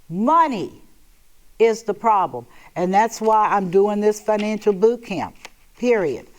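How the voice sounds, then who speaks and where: A woman's voice: medium pitch, darkish tone. A woman hosting a televised money seminar. She talks bluntly and with emphasis, straight to her viewers, and now and then breaks into theatrical emotional outbursts. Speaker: host giving a financial seminar. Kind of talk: televised financial lecture.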